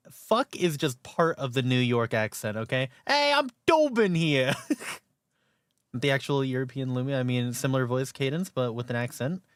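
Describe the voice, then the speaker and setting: A woman's voice: extremely low pitch, normal speed, clear, resonant tone, no echo, clean studio sound. A woman streamer chatting casually while reacting to a clip, laughing often, swearing, and reading chat aloud.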